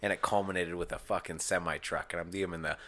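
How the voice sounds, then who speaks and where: A man's voice: sits low, quick pace. A man in his thirties co-hosting a podcast, telling stories in casual, profane chat. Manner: profane, animated storyteller. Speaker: podcast co-host.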